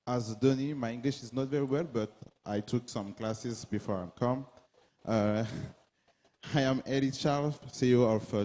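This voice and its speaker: A man's voice: mid-range voice, mellow, long reverb tail. A man with a French accent introducing himself at a panel in simple broken English. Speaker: post-production CEO. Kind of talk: panel speech.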